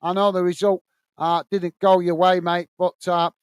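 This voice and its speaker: A man's voice: sits high, flat delivery, moderate pace, clear, resonant tone, no echo. A British man hosting a live football watch-along stream, reading viewers' chat comments aloud in a friendly way and calling them mate.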